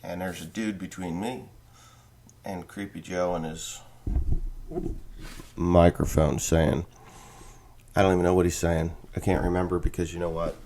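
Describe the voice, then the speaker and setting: A farmer vlogger telling a long, rambling dream story in a casual way, full of profanity and self-corrections. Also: male voice, deep voice, level tone, measured pace, pauses often, mellow, slight background noise.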